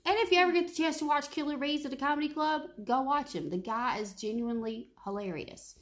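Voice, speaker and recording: A woman's voice: high voice, fast. A woman, telling family stories in casual chat and dropping frequent "like" fillers. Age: 30s. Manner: chatty storytelling, frequent "like" fillers.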